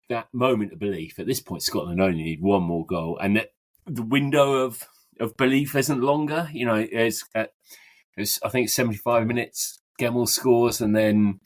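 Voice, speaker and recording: A man on a football podcast, chatting in a relaxed, reflective way. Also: fairly low pitch, normal speed. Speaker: podcast co-host. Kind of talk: casual football chat.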